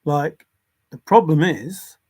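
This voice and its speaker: A man's voice: fairly high pitch, lively intonation, slow pace, a little mellow, breathy edge. Earnest man hosting a casual livestream. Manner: earnest, insistent, reads viewer comments aloud. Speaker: livestream host. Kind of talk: casual livestream talk on religion.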